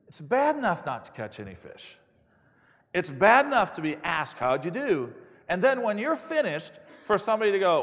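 Lively male preacher in a large hall. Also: on the high side, normal speed. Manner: animated storytelling with acted-out quotes. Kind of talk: sermon. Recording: long hall reverb.

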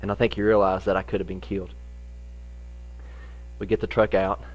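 Folksy preacher telling a story. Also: male voice, low voice, brisk. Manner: folksy storytelling, animated in the funny parts, softer when serious. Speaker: pastor. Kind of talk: sermon with personal story.

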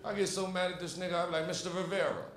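A man's voice: high voice, little pitch movement, racing, background noise. A young male stand-up comedian with a Brooklyn accent, telling a brash, profane story on a club stage. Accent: Brooklyn New York. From Brooklyn, New York. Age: young adult. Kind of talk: stand-up routine. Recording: roomy club with loud crowd laughter.

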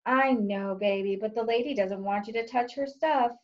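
A woman's voice: on the high side, normal speed, dull audio, close to an everyday voice. A woman doing a coddling suburban mom. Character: neglectful suburban mom, whiny and doting.

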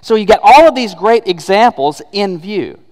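Emphatic preacher in an echoing church. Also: male voice, high voice, expressive, normal speed, a little mellow. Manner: emphatic, conversational preaching with rhetorical questions. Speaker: pastor. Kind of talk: sermon. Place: church sanctuary.

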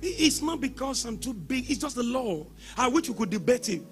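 A man preaching a sermon as pastor, shouting exhortations and breaking into sing-song lines. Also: very high voice, sing-song, brisk, soft background music.

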